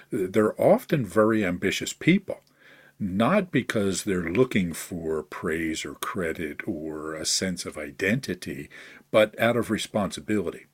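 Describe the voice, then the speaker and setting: A man's voice: low voice, breathy edge. A man hosting a podcast discussion, posing thoughtful questions to his guests and often ending a point with a questioning "right?". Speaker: podcast host.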